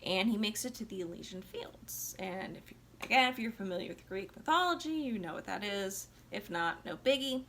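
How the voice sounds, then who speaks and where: A woman's voice: medium pitch, animated, moderate pace, hardly any pauses, a bit bright, a little hiss or hum. Tipsy chatty woman retelling an opera. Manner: chatty, slangy, sarcastic asides. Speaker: vlogger reviewing opera. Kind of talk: casual comic retelling.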